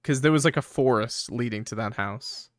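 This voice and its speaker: A man streaming a game, commenting casually, excitable and joking, laughing and swearing. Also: medium pitch, normal speed, no echo.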